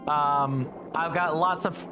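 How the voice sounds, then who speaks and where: A woman's voice: low voice, fairly even intonation, takes it slowly, music in the background. A woman streamer chatting casually and self-deprecatingly while she plays, often stumbling over words, with some phlegm in her throat. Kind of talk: casual live game commentary.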